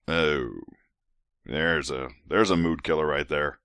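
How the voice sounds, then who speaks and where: A man's voice: rumbling low, takes it slowly, no echo, studio quality. A tipsy man hosting a podcast, joking wryly through scripture commentary. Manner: joking, wry, animated asides. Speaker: podcast host.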